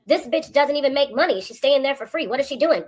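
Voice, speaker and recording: A woman co-hosting a casual commentary stream, telling stories in an animated, indignant way. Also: high-pitched, fast talker. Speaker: co-host.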